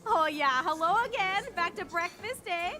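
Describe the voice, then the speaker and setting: A woman's voice: very high voice, animated, moderate pace, music in the background. A woman voicing a cheery oddball diner lady in a video game, chirping small talk that ends in "eh". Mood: chirpy.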